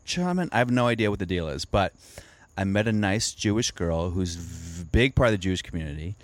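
A male comedian talks as a podcast guest, telling stories about his own life in a wry, self-mocking way. His voice sits somewhat low. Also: expressive, brisk. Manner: wry, self-deprecating storytelling. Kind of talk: casual podcast interview.

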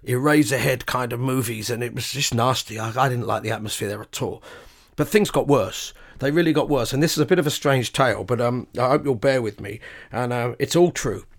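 A man hosts his own podcast and spins a loose tale from the road. He speaks in an ordinary mid register, loops back and corrects himself, and breaks into little chuckles. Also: mid-range voice. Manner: rambling, self-correcting, chuckling asides. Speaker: podcast host and bandleader. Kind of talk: casual anecdotal storytelling.

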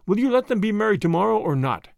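A man's voice: sits high, sing-song, fast talker, gravelly, darkish tone, dry recording, studio quality, voice pushed up, full character voice. A man voicing a stern older Boer commandant who speaks in a firm, authoritative way.

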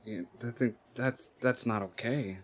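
A man playing a tabletop game, speaking in a mild, gentle way. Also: mid-range voice, unhurried. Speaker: player. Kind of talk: casual tabletop role-play.

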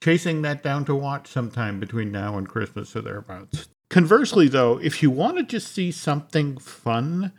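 Male podcast host, mid-pitch, easy conversational delivery with sponsor reads. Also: lively intonation, moderate pace, hardly any pauses. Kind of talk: casual chat with ad reads.

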